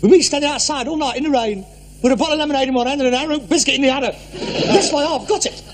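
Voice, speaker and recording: A melodramatic son convinced he is dying in a 1960s TV comedy. His voice sits high and turns indignant and theatrical, with a faint hiss of an old TV soundtrack behind it. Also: rapid-fire. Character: melodramatic hypochondriac adult son. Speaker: actor in a sitcom. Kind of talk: 1960s sitcom acting.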